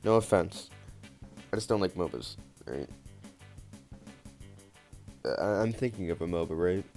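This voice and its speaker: Young male let's-player, lower voice, casual and profane, soft music bed. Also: expressive, measured pace. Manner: joking, swearing, off-the-cuff. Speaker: let's play gamer. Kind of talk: reading game text and commenting. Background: faint game music.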